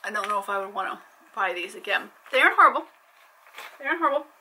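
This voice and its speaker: A woman's voice: mid-range voice, lively intonation, racing, pushed and bright, a little hiss or hum, low-quality recording. A young adult woman chatting playfully in a casual vlog, joking as she tries snacks. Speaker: vlogger.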